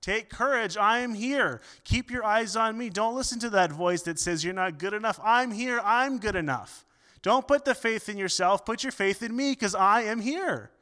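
A pastor lifts his voice to play God, a calm, reassuring male voice. Each short promise comes back again, pitched high and pushed out. The tone stays smooth and ringing. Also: moderate pace, long reverb tail. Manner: raised, pleading, repeated short promises.

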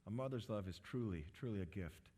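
A man's voice: fairly low pitch, expressive, brisk. Earnest preaching man, rising and falling. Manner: earnest preaching, with sudden emphatic rises and soft drops. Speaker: pastor. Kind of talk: sermon.

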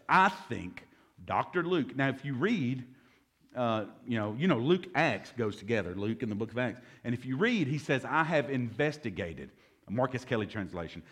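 Animated male pastor teaching Bible study. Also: medium pitch. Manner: lively, joking, reads scripture aloud.

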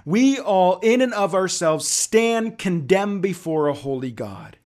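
A man's voice: high-pitched, lively intonation, measured pace, a little mellow. A man preaching an emphatic, conversational sermon outdoors at a church service in a park. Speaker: pastor.

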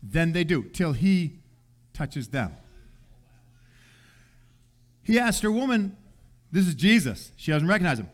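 A pastor preaching a sermon in a casual, conversational way, using everyday slang and acting out the people in the story. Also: male voice, on the high side, sing-song, normal speed. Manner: acts out voices of people in the story.

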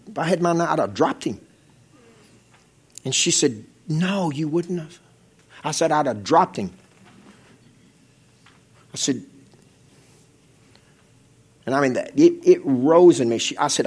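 A man preaching with fervor, his husky voice rising into loud calls and sinking to near-whispers. He sounds like a pastor in the middle of a sermon, pressing his listeners hard. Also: on the high side, lively intonation, unhurried, long pauses. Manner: impassioned preaching, swinging from loud exhortation to hushed intensity.

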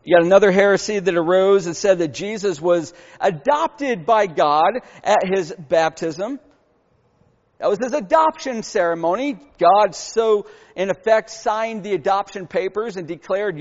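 High-voiced man preaching in a reverberant hall. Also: normal speed, lo-fi sound. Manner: earnest, emphatic preaching with rhetorical questions. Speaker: pastor. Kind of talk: sermon.

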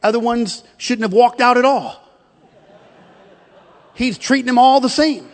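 In a sermon echoing with the long reverb of a big hall, a man preaches at a measured pace in a voice that sits high for a man. He tells stories emphatically, tripping over repeated words while pressing his point.

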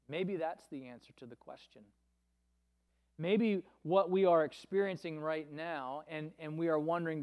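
A man preaching a sermon in an earnest, measured way, now and then acting out quoted voices with feeling. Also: a little high, darkish tone. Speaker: pastor.

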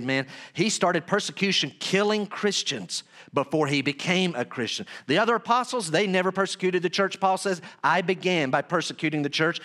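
A man's voice: a little high, pushed and bright. A male pastor preaching an expository sermon, reading verses and repeating phrases for emphasis with casual asides.

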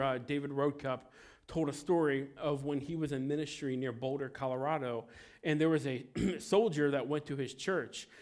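A man preaching a sermon who speaks with emphatic stresses and lets phrase endings fall quiet. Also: fairly high pitch. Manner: emphatic, swings between loud stresses and quiet trailing endings; acts out quoted voices in a story. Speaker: pastor.

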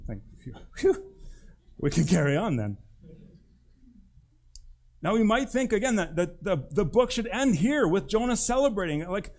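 A man's voice: high voice, a little mellow. A male pastor preaching a sermon in church in a conversational, emphatic way. He puts direct questions to the congregation. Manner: emphatic, with acted-out quotes.

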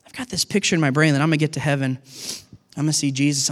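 Pastor, middle-aged man: high-pitched, lively sermon delivery, hall reverb. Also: racing. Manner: animated, acts out dialogue with God.

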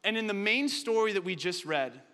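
A man's voice: high-pitched, lively intonation, a little fast, bright, forceful tone, in a large hall. A man preaching a sermon and telling a funny story with lots of animation. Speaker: pastor.

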